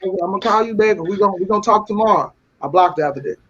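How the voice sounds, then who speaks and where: A man with a high voice tells a dating story in loose slang, stopping and restarting as he goes. The sound is dull and lo-fi. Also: very fast, noisy background. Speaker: panel guest. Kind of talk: casual storytelling.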